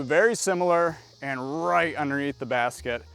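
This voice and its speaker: A man giving casual, chatty play-by-play of his own throws on a disc golf course outdoors, getting excitable on good shots. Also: medium pitch, normal speed, soft background music.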